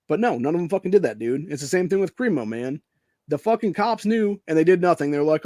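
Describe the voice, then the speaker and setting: A man's voice: a little high, lively intonation, fast talker, dark tone, no echo, clean studio sound. An American man hosting a podcast, ranting angrily and profanely in casual speech, peppering his lines with "dude" and "man.". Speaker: podcast host. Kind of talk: angry political rant.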